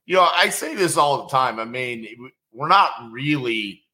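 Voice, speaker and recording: Bright-voiced man hosting a podcast. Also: mid-range voice, expressive, normal speed. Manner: conversational, lots of fillers and restarts. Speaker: podcast host. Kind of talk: casual interview chat.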